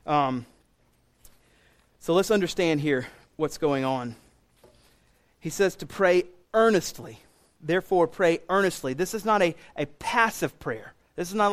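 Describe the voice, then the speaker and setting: A man in his thirties preaching a sermon as pastor, animated and getting loud when he acts out what others say. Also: a little high, normal speed.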